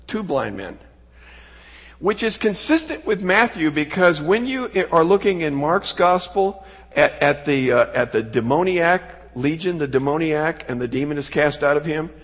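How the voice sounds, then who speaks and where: A middle-aged man preaching a sermon in a folksy, animated way, acting out quotes with sudden shouts. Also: mid-range voice, slightly rough. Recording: long hall reverb.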